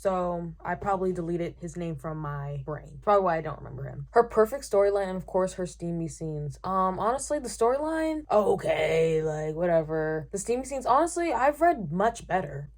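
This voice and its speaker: A young woman in a casual book-review vlog, reading reviews aloud and answering them with sarcastic, animated reactions. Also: lowish voice, normal speed, hardly any pauses. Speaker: booktuber reviewing romance novels.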